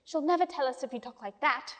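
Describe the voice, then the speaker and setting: A woman's voice: high voice, fast, close to an everyday voice. A woman doing a scolding young girl. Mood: coaxing. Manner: coaxing and reproachful. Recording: long hall reverb.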